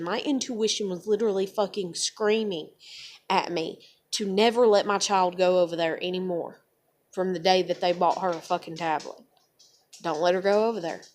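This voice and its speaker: Raw, venting woman telling a story. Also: mid-range voice. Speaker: vlogger. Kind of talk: emotional personal vlog.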